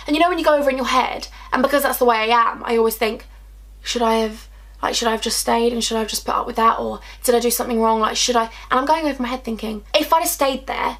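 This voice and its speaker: A woman's voice: on the high side, fairly bright tone. A young woman tells a distressing personal story in a chatty, emotional vlog, full of "like"s and repeated phrases. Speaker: vlogger telling a personal story.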